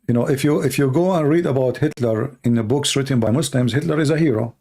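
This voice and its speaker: A man with a gravelly, dark voice speaks English as a second language, Arabic being his first. He hosts a casual live stream and answers viewer questions in a blunt, emphatic way, repeating words as he pushes his points. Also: mid-range voice, fast.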